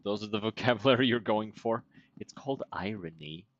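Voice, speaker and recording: Deep-voiced man joking through a game. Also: fairly quick, lo-fi sound. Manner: wry, deadpan jokes with fillers and restarts. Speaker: gaming streamer. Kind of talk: casual let's play commentary.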